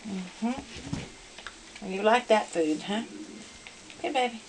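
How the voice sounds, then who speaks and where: A woman's voice: on the high side, animated, extremely slow, a little mellow, slight background noise. A woman training her young puppy at home indoors, giving short commands and cheerful sing-song praise as she coaxes it. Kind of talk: coaxing talk to a puppy.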